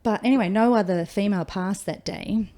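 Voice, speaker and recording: This Australian firefighter in her forties speaks as an interview guest, recounting her experiences in a chatty way and performing the quotes. She has a mid-range, mellow voice and a brisk delivery.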